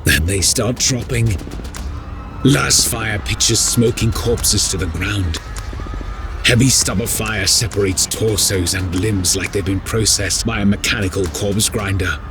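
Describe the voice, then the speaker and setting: A man narrates a dark war story in the first person, his voice deep, slow and grave. Faint music plays softly underneath. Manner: grave and intense.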